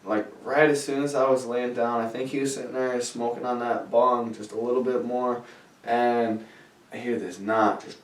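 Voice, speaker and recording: A man's voice: medium pitch, normal speed. A man telling a rambling story on a podcast with lots of swearing, recorded in a roomy space away from the mic. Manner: rambling, heavy swearing, animated when retelling. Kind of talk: casual storytelling chat. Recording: roomy sound, distant from mic.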